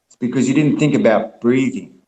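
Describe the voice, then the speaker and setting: A man's voice: mid-range voice, a little fast, warm tone, echoey room, poor audio. A man, rambling in a casual group call, laid back, swearing freely and calling everyone mate and brother.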